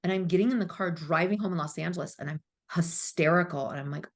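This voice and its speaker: Talking quickly with hardly any pauses, this thirty-something spiritual coach has a voice on the low side. As a podcast guest in an emotional storytelling interview, she's open and profane, acting out scenes as her past self.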